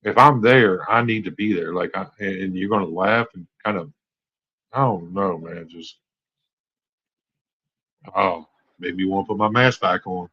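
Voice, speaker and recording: A husky-voiced man in his forties talks candidly on a late-night live stream, rambling and growing exasperated as he goes. His voice sits on the low side and is somewhat breathy and rough. The audio is dull and lo-fi, like a basic stream mic. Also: unhurried, long pauses. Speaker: host.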